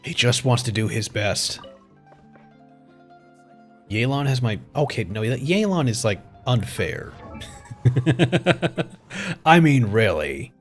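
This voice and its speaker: Excitable man streaming, swearing freely. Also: medium pitch, slow pace, pauses often, faint music behind. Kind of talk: casual live-stream commentary.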